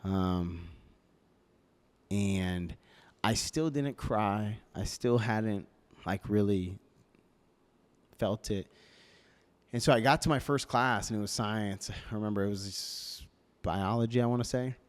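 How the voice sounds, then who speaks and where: A man's voice: fairly low pitch, slow pace, long pauses, clear, resonant tone. A young man as a podcast guest, telling a personal story hesitantly, with many fillers and restarts. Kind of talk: casual storytelling interview. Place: podcast studio. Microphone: podcast microphone.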